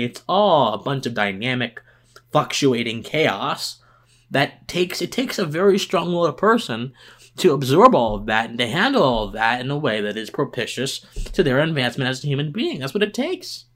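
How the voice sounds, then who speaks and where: A worn-out man delivers a political commentary monologue as a podcast host. His pitch swings widely and lively as he builds emphasis, and he often restarts and repeats words in his passion. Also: normal speed. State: tired.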